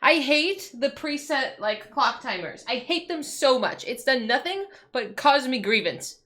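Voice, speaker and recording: Exasperated bright-voiced woman streamer. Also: high voice, lively intonation, a little slow. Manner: exasperated ranting, swears, frequent likes and restarts. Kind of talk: casual livestream chat. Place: home.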